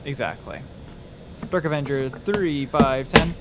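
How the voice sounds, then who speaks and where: A man's voice: a little high, measured pace, heavy background noise. A man co-hosting a casual painting stream, reading chat questions and joking, tripping over his words.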